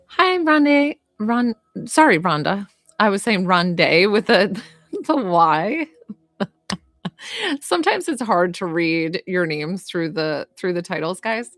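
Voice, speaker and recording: A young woman from Georgia, working as a psychic medium on a phone livestream, talks in a fairly low, a bit bright voice with big pitch swings at a measured pace, in a dry recording. Her casual chat and readings are gushing, reassuring, and filler-heavy rambles.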